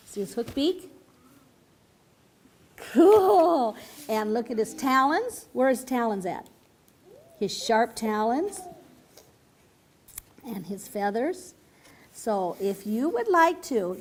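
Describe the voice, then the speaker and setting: A woman reading a picture book aloud to a group of children, playful and animated, stopping often to ask them questions. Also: on the high side, slight background noise. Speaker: children's storyteller.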